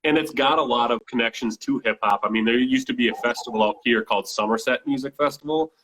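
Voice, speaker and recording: A man hosting an interview, asking questions in a measured, thoughtful way and circling back over his words. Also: medium pitch, a bit bright, low-quality recording. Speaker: interview host.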